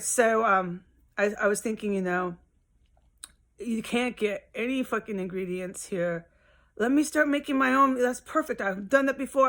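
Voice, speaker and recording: A woman's voice: on the high side, a bit bright. A woman venting in a rambling, exasperated and profane monologue, recorded at home. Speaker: vlogger.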